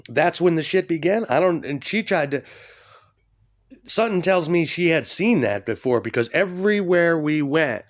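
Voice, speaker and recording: A man rambling profanely, mumbling low at times and then shouting. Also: expressive, moderate pace. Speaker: vlogger. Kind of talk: rambling monologue.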